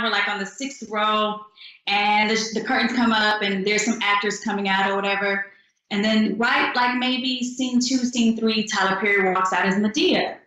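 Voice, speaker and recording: In an echoey room, a young singer-songwriter shares stories during a relaxed interview. Her mid-range voice is upbeat and lively, and she acts out the quotes as she goes.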